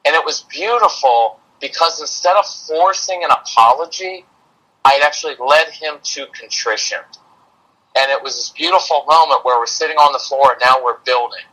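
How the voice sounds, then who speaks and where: A man's voice: a little high, normal speed, rough recording. A middle-aged man, a parenting coach, telling a personal story in a podcast interview and acting out what he and his son said. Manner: animated, acts out quotes of himself and his son.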